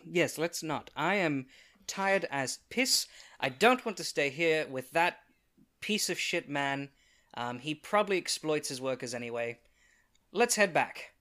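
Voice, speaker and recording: A tabletop player voices his character, a man with a fairly high voice. He often speaks in character with heated, emphatic lines, then drops into quiet, earnest talk. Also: animated, unhurried. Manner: swings between heated outbursts and quiet, sincere speech. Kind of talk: playing a character in a tabletop game.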